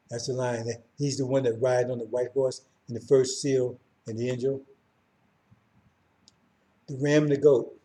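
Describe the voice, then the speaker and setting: A middle-aged man with a mellow, mid-range voice teaches an informal Bible class emphatically. He keeps checking in with his listeners, frequently asking "right?" and "see?"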